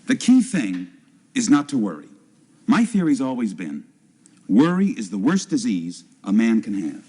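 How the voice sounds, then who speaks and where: Nervous doctor, hems and haws, voice jumps around, old tv soap. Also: male voice, mid-range voice, wildly swooping pitch, dark tone. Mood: evasive. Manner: hesitant, throat-clearing, halting. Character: fumbling, evasive male hospital doctor. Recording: 1970s TV soap audio.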